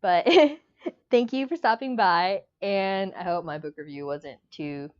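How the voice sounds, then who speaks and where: A woman's voice: lowish voice, slow pace. A woman reviewing a book in a casual vlog, gushing and rambling with emotion. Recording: dull lo-fi sound.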